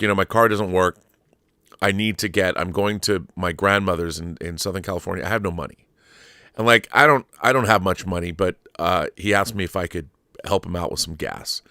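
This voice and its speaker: Middle-aged guy rambling thru a story, kinda low voice, dry sound. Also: fairly bright tone, no room sound. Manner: rambling, self-interrupting, amused. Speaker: show host. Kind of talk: casual storytelling monologue.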